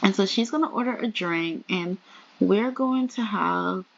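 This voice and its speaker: A woman's voice: medium pitch, unhurried, creaky. A woman casually commenting on a life-simulation game, chatty and voicing her characters' small talk. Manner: chatty, voices her characters' banter in quotes. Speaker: let's play gamer. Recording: slightly dull lo-fi audio.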